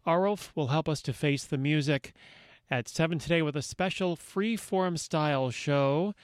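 Male radio DJ, studio mic, slightly high voice, wry dry asides, very dry sound. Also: clean tone, no room sound. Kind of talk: radio show talk.

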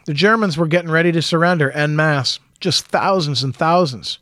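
A man reading a first-person wartime memoir aloud in a measured, matter-of-fact storytelling manner. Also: fairly high pitch, fairly bright tone, no room sound.

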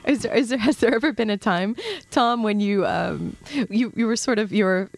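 Radio host, woman, mid-pitched voice, talks in fits and starts, dry booth sound. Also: gravelly, dry recording. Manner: halting, with many fillers and restarts, laughs easily. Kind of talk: radio interview. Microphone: studio mic.

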